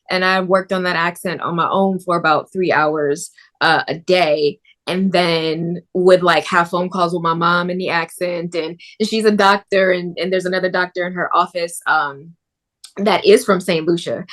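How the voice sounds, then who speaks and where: Actress, woman, low-ish voice, animated conversational interview guest. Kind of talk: casual interview.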